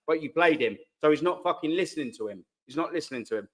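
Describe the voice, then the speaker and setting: A man's voice: fairly high pitch, expressive, quick pace, a bit bright. A man hosting a live fan chat, reading out viewer comments in a heated, swearing, repetitive way. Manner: heated, swearing, repeats himself, slangy. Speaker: host of a live fan channel.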